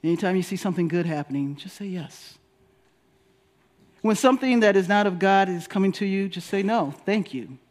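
Brief: male minister, high voice, emphatic repetitive sermon delivery. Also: expressive, fast, few pauses. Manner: emphatic, repetitive preaching with rising and falling delivery.

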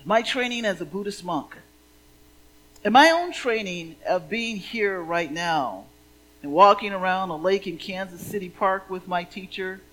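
A woman's voice: medium pitch, measured pace, a bit bright, low-quality recording. A woman minister giving a sermon in a playful, conversational way.

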